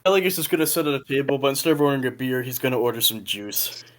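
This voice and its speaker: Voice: medium pitch, expressive, racing, fairly bright tone. Laughing game master narrating. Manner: laughing, loose narration with fillers. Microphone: online voice call.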